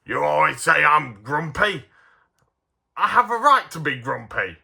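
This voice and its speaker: A man's voice: on the high side, sing-song, measured pace, vocal fry, sharp tone, husky, full character voice. A man voicing a cranky male dwarf toy who grumbles defensively. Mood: grumbling.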